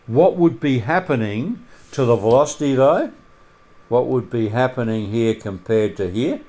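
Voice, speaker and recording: A man's voice: medium pitch, normal speed. Man teaching maths in a casual screencast. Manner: relaxed, many filler uhs, asks students questions. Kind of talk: screencast lesson walkthrough.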